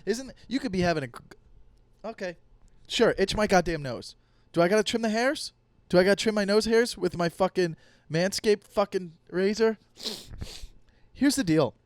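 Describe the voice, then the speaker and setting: A man's voice: sits high, expressive, moderate pace, no room sound. A young man hosting a comedy podcast alone, ranting in a heated, profane, rambling way. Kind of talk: solo comedy podcast rant.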